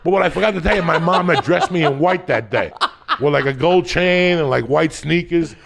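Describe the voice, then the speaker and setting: A man, hosting a podcast and telling a story loudly, swearing constantly and acting out every voice. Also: a little high, a little fast, gravelly, background noise. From North Bergen, New Jersey. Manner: loud, animated, swears constantly, acts out every voice. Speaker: podcast host. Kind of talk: profane storytelling in casual chat.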